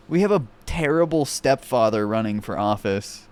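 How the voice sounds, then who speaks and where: A man's voice: mid-range voice, expressive, normal speed, hardly any pauses, a little mellow, clean tone. A man streaming, reacting with sarcastic, profanity-laden mockery in casual commentary. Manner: profane, mocking, sarcastic rants.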